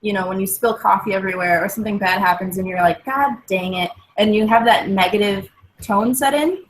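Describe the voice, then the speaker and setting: A woman's voice: medium pitch, fast talker, poor audio. A woman, a guest on a wellbeing talk show, explaining positive self-talk and mantras in an earnest, casual way. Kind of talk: casual chat.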